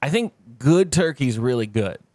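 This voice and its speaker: A man's voice: mid-range voice, lively intonation, normal speed, warm tone, no room sound. A man co-hosting a podcast, telling rambling, profane stories in casual chat. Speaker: podcast co-host.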